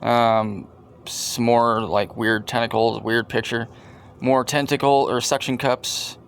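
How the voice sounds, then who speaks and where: A man hosting a video and commenting casually over clips in a deadpan, rambling, joking way. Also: mid-range voice, slow pace, vocal fry, a little hiss or hum. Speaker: video host.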